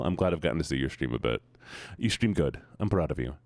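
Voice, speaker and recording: A low-voiced man chats with his stream audience in a teasing, sing-song manner, his pitch leaping up and down constantly. The sound is dry and close, with almost no room around it. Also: animated, quick pace, a little mellow, dry recording. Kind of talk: casual chat greeting viewers.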